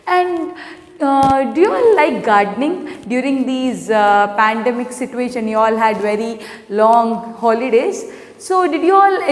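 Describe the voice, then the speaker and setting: A woman teacher giving an online lesson, asking her class questions. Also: high-pitched. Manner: asks the class many questions, slow and clear. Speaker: primary school English teacher. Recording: echoey room with long reverb.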